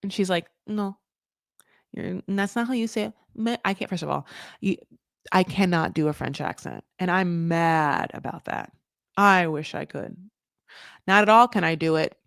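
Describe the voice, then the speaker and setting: A woman from California in her thirties with an alto voice, chatting casually as a podcast host, animated and swearing freely as she laughs and trails off mid-thought. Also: lowish voice, moderate pace, creaky, no room sound, clean studio sound. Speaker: podcast host recapping reality TV. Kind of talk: casual chat.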